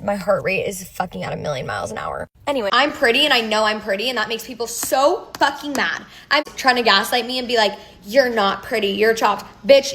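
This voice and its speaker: A woman's voice: on the high side, a bit bright. A young woman ranting casually and brashly to camera, swearing often. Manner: brash and profane, frequently swearing. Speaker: TikTok creator. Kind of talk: casual selfie rant.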